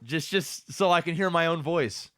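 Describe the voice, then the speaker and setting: A man co-hosting a casual gaming podcast, excitable and swearing a lot. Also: fairly high pitch, normal speed, clean tone, dry recording, clean studio sound. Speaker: podcast co-host.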